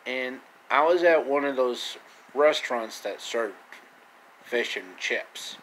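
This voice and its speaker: A man's voice: medium pitch, lively intonation, slow pace, fairly bright tone, a little hiss or hum, poor audio. A man vlogging a comedic retelling of a classic story, with joking, self-mocking asides.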